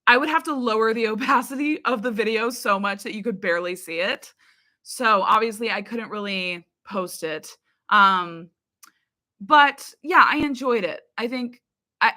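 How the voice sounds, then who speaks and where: A young woman with a bright, sharp-edged voice chats casually with her live-chat viewers. She rambles through answers with plenty of fillers and quick laughs, at a middle pitch. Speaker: YouTube reaction creator.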